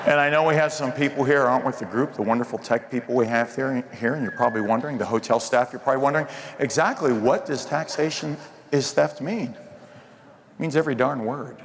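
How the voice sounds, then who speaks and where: A man with a mid-range voice does live stand-up at a hotel event, working the crowd playfully at a brisk clip. The recording carries the echo of a reverberant hall and crowd noise.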